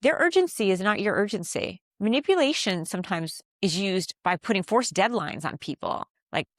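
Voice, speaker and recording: A woman giving a calm, faith-based self-help talk on handling conflict. She teaches step by step and slows down to stress key phrases. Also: mid-range voice, no room sound, clean studio sound. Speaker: communication coach.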